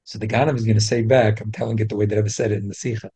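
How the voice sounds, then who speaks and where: A man teaching a Torah class in an animated way, repeating key points for emphasis. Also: fairly low pitch, racing, hardly any pauses, slightly rough, muffled recording.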